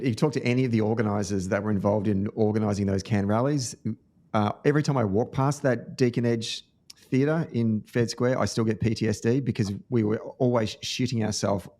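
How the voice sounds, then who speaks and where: Australian male podcast host, low-ish register, earnest anecdotal delivery with fillers and restarts. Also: a little fast, darkish tone. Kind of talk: casual podcast conversation.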